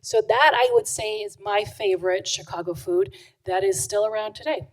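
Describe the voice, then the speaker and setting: A woman co-author giving a chatty, animated book talk to a live audience. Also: medium pitch, normal speed, low-quality recording. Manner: chatty and animated, acts out quotes. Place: event room with an audience.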